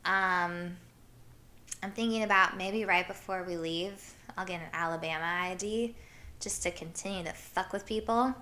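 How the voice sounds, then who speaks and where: Bright-voiced young woman rambling casually. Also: on the low side, normal speed. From Iowa, USA. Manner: chatty, peppered with "like" and swearing. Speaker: podcast host. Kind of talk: casual storytelling monologue.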